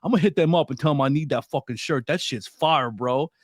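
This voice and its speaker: A man doing an impression of a gruff, blunt, foul-mouthed man wrestler while telling a story. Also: fairly high pitch, fast talker, no echo, clean studio sound, natural voice. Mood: excited. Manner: profane, blunt and friendly.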